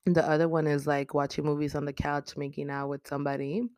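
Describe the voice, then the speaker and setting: A host recaps a horror film in loose, profane slang, leaning on filler words and dropping into quick voices for the characters. The voice is smooth and clear. The recording is close and dry, with no room sound. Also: mid-range voice, flat delivery, a little mellow, no room sound. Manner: profane, chatty, slangy storytelling. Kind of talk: casual movie recap.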